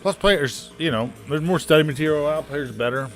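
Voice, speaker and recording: A man's voice: on the high side, fairly quick, faint music behind. A man, a poker streamer telling long rambling stories in casual, profane chat.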